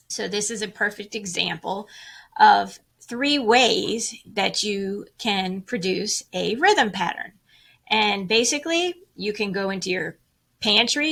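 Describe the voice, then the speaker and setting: Upbeat gravelly-edged woman music teacher. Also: medium pitch, a bit bright. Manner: upbeat, encouraging, counts and chants rhythms aloud. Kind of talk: online music lesson for children.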